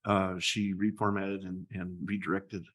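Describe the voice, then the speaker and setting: A man speaking as a guest in a relaxed interview, with a fairly low voice. He talks haltingly, stumbles and repeats words, and laughs easily as he chats. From United States. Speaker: gallery owner, guest. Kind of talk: casual interview chat.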